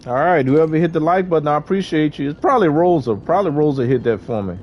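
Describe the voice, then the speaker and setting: A man's voice: a little high, expressive, quick pace, muffled recording, slight background noise. A man, streaming a game and chatting casually with viewers in a laid-back way. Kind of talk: casual gameplay livestream chat.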